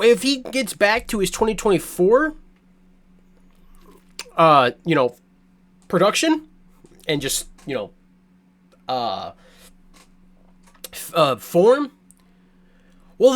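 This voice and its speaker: A man giving a blunt, profane, rambling reaction to a sports draft as a fan, full of restarts and fillers. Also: sits high. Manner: excitable, swears a lot, blunt opinions. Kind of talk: casual sports reaction rant.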